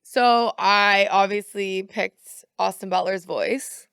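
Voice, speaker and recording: A woman's voice: mid-range voice, steady tone, slow, creaky, a bit bright, clear, resonant tone, dry recording, studio quality. A young woman from Canada co-hosting a podcast, chatting casually and laughing often. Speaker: podcast co-host. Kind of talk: casual chat.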